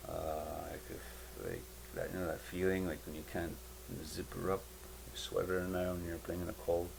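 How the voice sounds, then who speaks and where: A man giving a personal spiritual testimony in a halting, rambling way, full of fillers and restarts. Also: low-pitched, little pitch movement, vocal fry, background noise.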